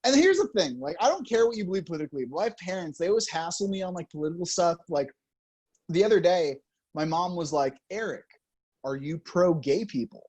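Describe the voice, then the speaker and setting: A young man performing a stand-up comedy set, loud and chuckling at his own jokes. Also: high-pitched, very animated, fast, husky. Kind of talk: stand-up routine.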